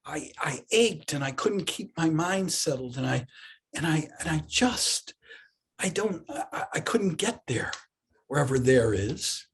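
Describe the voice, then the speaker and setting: Eager, pleading student, as a man puts him on; husky, on the high side. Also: expressive, unhurried, exaggerated voice. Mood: distressed. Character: eager male meditation student, impatient.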